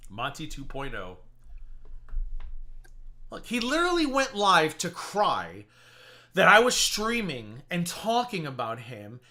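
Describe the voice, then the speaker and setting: Sarcastic streamer with a bright, lively voice. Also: medium pitch, slow, pauses often. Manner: sarcastic, swearing, mock-weepy impressions. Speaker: reaction streamer. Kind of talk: mocking live commentary.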